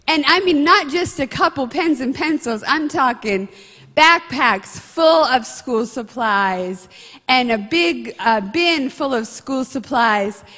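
A woman's voice: high-pitched, expressive, slow pace, sharp tone, big-room sound. A woman leading a church announcement and prayer, speaking in an earnest, heartfelt way. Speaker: church ministry leader. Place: church sanctuary.

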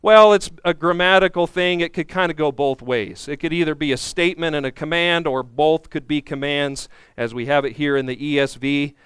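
A man with a slightly high, smooth and clear voice preaches an earnest expository sermon. He teaches in detail and now and then acts out the speakers in the passage. The sound is close and dry, with no room echo. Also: moderate pace, few pauses, a bit bright. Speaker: pastor.

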